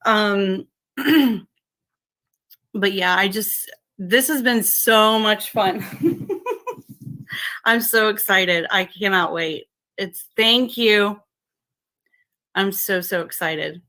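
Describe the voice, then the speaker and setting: A woman hosting a casual livestream, greeting viewers by name and thanking them over and over, with lots of fillers and restarts. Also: medium pitch. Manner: halting, many fillers and restarts; repeats how excited and thankful she is. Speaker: livestream host.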